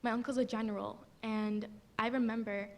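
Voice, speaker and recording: Tearful young woman speaking haltingly. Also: on the high side, flat delivery. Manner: halting, tearful, with many fillers. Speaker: audience member. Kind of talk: emotional personal testimony. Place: large theater.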